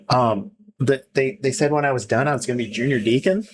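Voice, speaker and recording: A man of middle pitch guesting on a podcast, telling a rambling story at a relaxed pace. He laughs often and slips into other people's voices as he quotes them. Other voices chat around the table behind him. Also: a little fast, a crowd in the background. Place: podcast studio.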